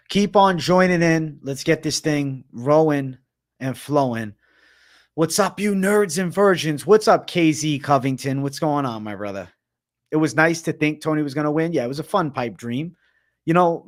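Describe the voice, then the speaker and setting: A man running a casual live MMA picks stream, talking in a rambling, profane way and joking with his chat. His voice sits a little higher than most men's. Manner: hums beat sounds between topics. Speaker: MMA prediction show host. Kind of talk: casual livestream commentary.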